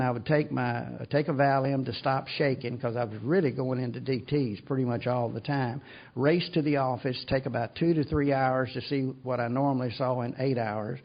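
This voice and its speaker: A man's voice: mid-range voice, vocal fry. An older man speaking at a recovery meeting, telling his story in a rambling, self-deprecating way with many restarts. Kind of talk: recovery talk to an audience. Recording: dull lo-fi recording.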